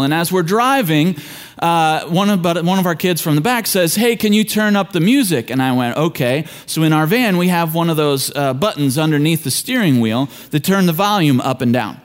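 Man, high voice, middle-aged pastor, conversational sermon, folksy storytelling.

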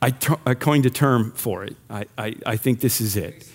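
A man's voice: medium pitch, normal speed. A man preaching a conversational, humorous sermon as pastor, asking the congregation questions and driving home points with emphatic rising peaks.

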